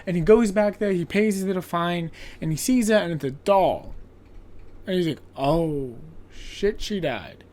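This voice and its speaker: This is a podcast host recapping a movie in a casual, rambling way. The talk is peppered with "like" and mild profanity, and the pitch sits in the middle. Characters' lines get acted out in quick quoted bits. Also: darkish tone. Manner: chatty, profane, lots of filler "like".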